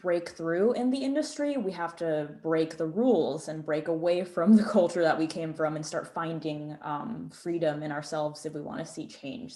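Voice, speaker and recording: A woman's voice: deep voice, dark tone, reverberant. A woman on a press panel, earnestly passing on advice.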